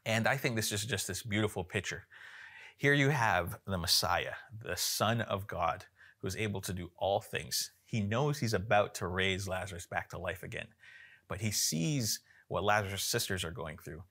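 A man preaching a sermon in a relaxed, conversational way, with frequent fillers and restarts. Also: lowish voice, normal speed.

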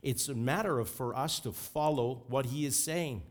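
A man's voice: medium pitch, normal speed. A man preaching a sermon as pastor, fervent and emphatic.

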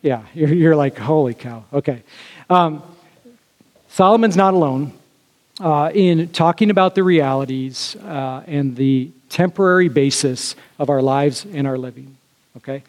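Conversational pastor in a reverberant hall. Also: male voice, fairly high pitch, unhurried. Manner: conversational, with frequent fillers and asides to the congregation. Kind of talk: sermon.

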